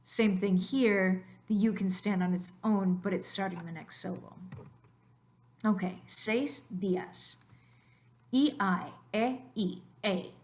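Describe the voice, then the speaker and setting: A woman narrating a slide lesson on Spanish phonetics, explaining patiently and slowing down to stress key words. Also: medium pitch, a little mellow. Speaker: Spanish teacher.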